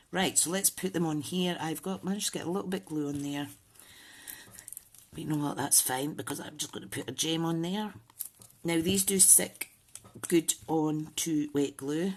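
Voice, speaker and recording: A woman hosting a casual crafting tutorial, chatting and thinking aloud with frequent ums. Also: sits low. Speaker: papercraft channel host.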